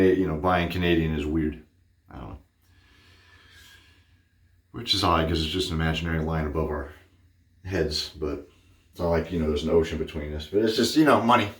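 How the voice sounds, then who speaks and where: Male vlogger, low voice, chatty and rambling, slightly winded, roomy echo. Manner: rambling, chatty, many fillers. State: out of breath. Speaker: wet shaving vlogger. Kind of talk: casual shaving vlog.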